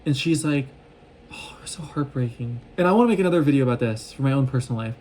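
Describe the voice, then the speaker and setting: A man talking fast in a casual, excited recap vlog, rambling with lots of fillers and restarts, recorded on a phone. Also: mid-range voice, a little hiss or hum. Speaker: vlogger recapping a show.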